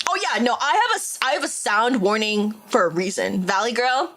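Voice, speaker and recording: A woman's voice: on the high side, animated, a bit bright. A woman streamer chatting casually with her viewers while playing a game, giggly and rambling. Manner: giggly, rambling, quick restarts. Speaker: streamer and VTuber. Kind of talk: casual live-stream chat.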